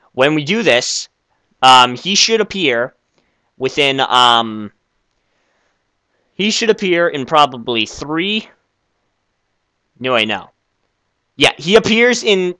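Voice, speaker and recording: A young man hosting a comedic game skit, excitable and easily flustered, stammering often. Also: a little high, no room sound. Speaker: video creator.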